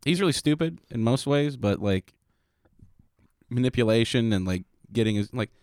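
A man's voice: medium pitch, animated, moderate pace, darkish tone, dry recording. A man co-hosting a podcast in casual chat, laid-back and hesitant, with dry jokes. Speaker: podcast co-host.

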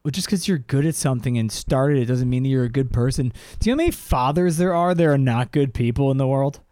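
A man co-hosting a casual comedic podcast chat, jokey and profane, sometimes jumping into high silly voices. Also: fast, warm tone, no echo, clean studio sound. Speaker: podcast co-host.

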